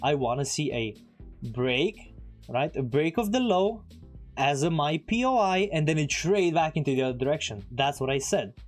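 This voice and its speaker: A man giving casual live-stream commentary as he trades, chatting with viewers and throwing in quick asides. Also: a little high, expressive, faint music behind.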